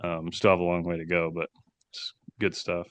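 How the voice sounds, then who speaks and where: A man co-hosting a podcast, talking in a measured, thoughtful way in casual chat. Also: deep voice, completely flat delivery, a bit bright, no echo. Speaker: podcast co-host.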